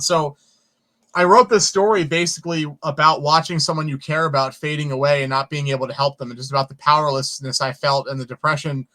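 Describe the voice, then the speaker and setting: A man who is a filmmaker guest, telling stories in an interview in an animated way and swearing casually. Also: fairly high pitch, fairly quick. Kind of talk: storytelling in an interview.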